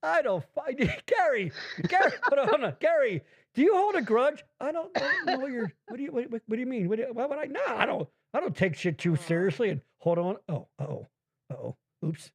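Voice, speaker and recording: A man's voice: very high-pitched, big pitch swings, quick pace, breathy edge. A man hosting a casual comedy podcast from his basement, profane and rambling, reading chat comments aloud. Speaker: podcast host. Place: home basement.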